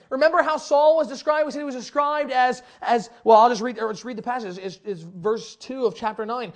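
A man preaching a sermon in an animated, conversational way, swinging from loud emphasis to hushed asides. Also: very high-pitched, moderate pace.

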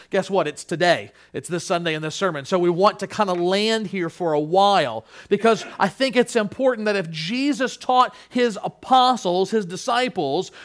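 A male pastor delivering a Sunday sermon with a fairly high voice. He is earnest, sinks to near-whispers on key words and climbs to emphatic peaks, and briefly acts out the people he quotes. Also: fairly bright tone.

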